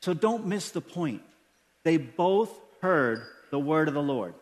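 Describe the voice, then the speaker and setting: Guy pastor preaching, pretty high voice for a man, lots of rhetorical questions, big echoey church sound. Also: sing-song, takes it slowly. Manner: emphatic, with frequent rhetorical questions. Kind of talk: sermon. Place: church sanctuary during a service. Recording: long church-hall reverb.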